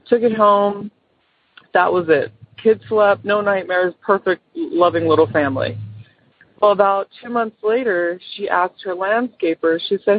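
Heard over the phone, a woman tells a friend's ghost story in a rambling, chatty way, full of fillers and quotes from the people involved. She speaks at medium pitch and a measured pace, with a breathy edge.

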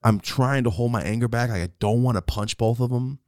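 A man telling a wild personal story in a casual, profane, animated way, acting out what people said. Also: medium pitch, fairly quick, no room sound. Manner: animated, profane, acts out the quotes.

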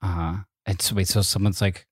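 A man's voice: low voice, flat delivery, fairly quick, husky, no echo, clean studio sound. A man co-hosting a podcast from bed at home, joking and teasing in casual chat. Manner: jokey, teasing, playfully distracted. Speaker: podcast co-host.

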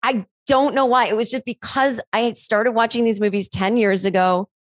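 A woman screenwriter in casual podcast chat, telling stories animatedly and acting out bits of dialogue with sudden jumps in pitch. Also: moderate pace, no room sound. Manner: animated storyteller who acts out dialogue with big pitch jumps. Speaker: screenwriter discussing her film.

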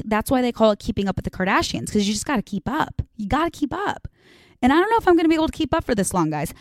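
A woman's voice: mid-range voice, dry recording, studio quality. A young woman hosting a podcast, talking from her condo in a casual, dramatic confessional monologue full of "like" and casual swearing. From Chicago area, USA. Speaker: podcast host. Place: home, a condo.

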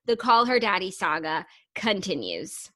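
A woman's voice: mid-range voice, sing-song, unhurried, sharp tone, dry recording. Young female podcast co-host, casual, talky and filler-heavy. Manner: chatty, heavy use of "like". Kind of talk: casual chat.

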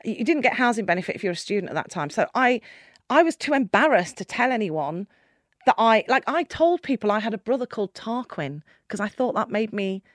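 A middle-aged woman, a guest, telling her life story candidly and emphatically, swinging between quiet and loud. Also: medium pitch, lively intonation, fairly quick, no room sound, clean studio sound. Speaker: guest, keynote speaker. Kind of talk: candid personal storytelling in conversation.

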